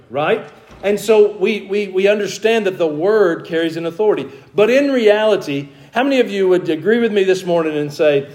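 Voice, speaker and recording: A man pastor preaching a sermon in a church, slowing down to stress key words as he explains scripture. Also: sits high, animated, darkish tone. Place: church sanctuary.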